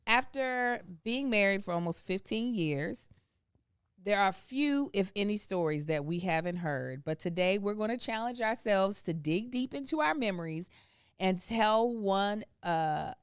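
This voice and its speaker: A woman's voice: mid-range voice, expressive, a little slow, clean tone, dry recording, clean studio sound. A woman co-hosting a podcast with her husband, chatty and teasing as she tells stories in casual conversation. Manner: chatty storyteller, teasing and laughing. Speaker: podcast co-host. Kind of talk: casual chat.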